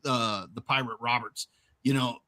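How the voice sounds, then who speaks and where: A man's voice: medium pitch, steady tone, normal speed, sharp tone. A man co-hosting a casual movie podcast, often stumbling over repeated words as he starts a thought. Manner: repeats words when starting, quotes film lines. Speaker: podcast co-host.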